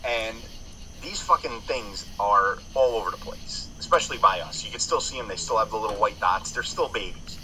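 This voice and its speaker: In a casual podcast chat, a man swears freely and rambles through stories with frequent restarts. His voice is fairly low and sharp in tone, at a moderate pace. The recording is rough, with slight background noise.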